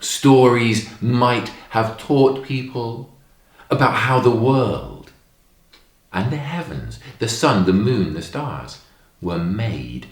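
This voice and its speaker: Slow, lively storyteller man, echoey room. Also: mid-range voice. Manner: expressive and emphatic, acting out lines in a story. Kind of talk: storytelling lesson for young children.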